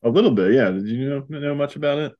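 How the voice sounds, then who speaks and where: A man hosting a podcast, recapping a comic in a casual chat, chuckling often and filling pauses with ums. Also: medium pitch, muffled recording. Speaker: podcast host.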